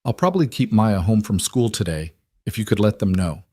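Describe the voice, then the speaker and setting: A man voicing a protective single father who speaks calmly and firmly. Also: fairly low pitch, a little fast, no echo. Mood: steady. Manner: calm, firm.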